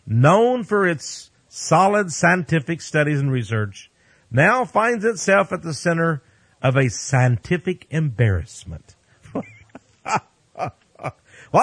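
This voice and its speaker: A man preaching in a folksy commentary style, his voice slightly husky and set a little high. He swoops up and down with animated energy, exclaiming and slipping in chuckling asides to his listeners. The sound is dry and close. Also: no echo. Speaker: radio preacher.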